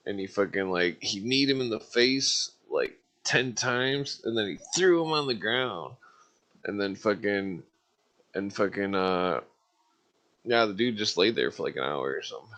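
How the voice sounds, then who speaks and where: A man's voice: fairly low pitch, animated, measured pace, fairly bright tone. A man calling in to a live stream, telling rambling stories in casual talk, swearing constantly and filling gaps with filler words. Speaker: caller on a live call-in stream.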